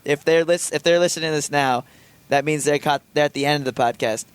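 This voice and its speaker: A man's voice: a little high, fast talker, clear, resonant tone. A man co-hosting a sports podcast, blunt and opinionated with a self-mocking streak. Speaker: podcast co-host. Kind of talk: casual sports podcast chat.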